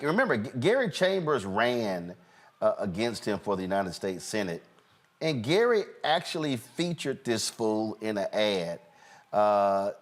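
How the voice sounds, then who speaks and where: A male talk-show host giving animated, mocking political commentary, often halting and restarting. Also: on the low side.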